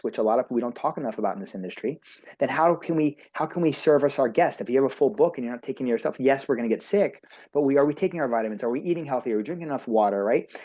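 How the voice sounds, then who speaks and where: A man's voice: medium pitch, warm tone. A man speaking as a beauty industry coach who is a guest on a podcast. He talks eagerly and emphatically and runs on at length. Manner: talkative, enthusiastic, emphatic. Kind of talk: energetic motivational talk.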